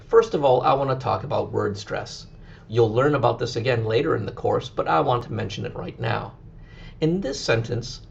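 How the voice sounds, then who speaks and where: Gravelly-voiced male teacher giving a lesson. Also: medium pitch, muffled recording, slight background noise. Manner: clear, instructive, with occasional slow deliberate demonstrations. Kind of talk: recorded classroom lesson.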